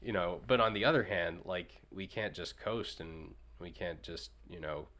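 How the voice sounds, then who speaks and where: A man co-hosting a casual chat, talking haltingly with many fillers. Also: low-pitched, fairly bright tone. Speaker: co-host.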